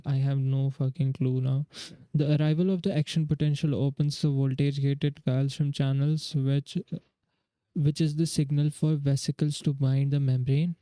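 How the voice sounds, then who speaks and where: A man's voice: medium pitch, mellow, clean tone, no echo. A young man from India, streaming live and thinking aloud as he works through quiz questions in casual chat. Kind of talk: casual livestream chat while studying.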